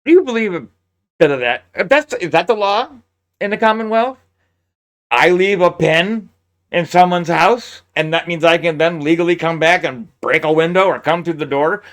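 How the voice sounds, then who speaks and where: A man's voice: a little high, normal speed, a bit bright. A man giving sarcastic, incredulous commentary on a crime case, talking close to a mic. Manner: sarcastic, incredulous, laughs often. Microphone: close mic, peaking.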